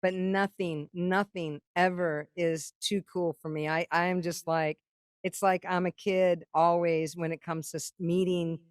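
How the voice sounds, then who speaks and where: A middle-aged woman, a songwriter appearing as a keynote guest, tells a story in casual talk with a lowish voice, speaking a little slowly. She's animated, swears freely and acts out what other people said, and the recording is dry and studio quality.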